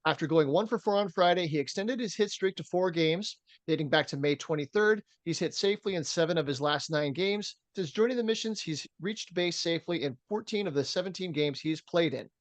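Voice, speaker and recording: A brisk, fairly high-pitched man with few pauses co-hosts a podcast, captured in a dry recording. In casual sports talk about baseball, he gives a steady stats rundown with many fillers.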